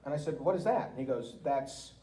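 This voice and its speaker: Male guest speaker, lively storyteller, roomy room sound with faint background noise. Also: mid-range voice, quick pace, recorded from a distance. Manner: lively, laughing storyteller who acts out quotes. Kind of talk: anecdotal storytelling to an audience. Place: museum meeting room.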